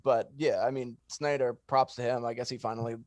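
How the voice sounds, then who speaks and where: A man co-hosting a casual sports podcast, joking around in a quick, loose way. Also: mid-range voice, fairly even intonation, a little mellow, no echo. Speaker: podcast co-host.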